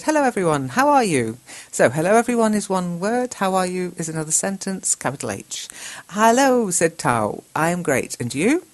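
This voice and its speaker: A middle-aged woman with a deep, low voice leads an English lesson. She patiently reads out learners' chat messages and corrects them, slowly naming each capital letter and full stop. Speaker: English teacher and show host.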